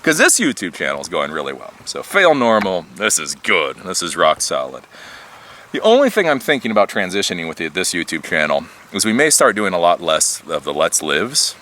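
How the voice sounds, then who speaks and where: A man's voice: low-pitched, wildly swooping pitch, a little fast, sharp tone, slight background noise. A man hosting his own channel, rambling casually and animatedly outdoors, swearing and laughing now and then. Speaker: tech YouTuber. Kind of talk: casual monologue vlog.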